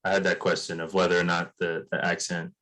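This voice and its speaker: A man's voice: low voice, level tone, fast, pushed and bright, low-quality recording. A man on a video call who asks a course instructor a question, politely and hesitantly, with frequent restarts. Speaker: course member asking a question. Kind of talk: casual Q&A chat.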